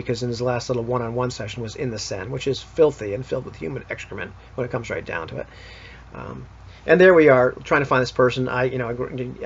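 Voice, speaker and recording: A man with a mid-range, husky, slightly breathy voice goes over a tabletop game session in a loose, casual recap. He keeps backtracking and rambling, filling it with fillers and restarts, all on dull, lo-fi audio.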